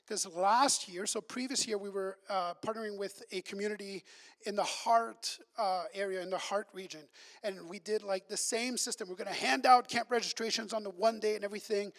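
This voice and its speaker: A man with a notably high voice tells camp stories in a chatty, storytelling way, slipping into little acted voices for the people in them. His words ring out with a long reverb, as if filling a large church hall. He speaks as a camp director updating a congregation. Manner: chatty, acts out quoted voices.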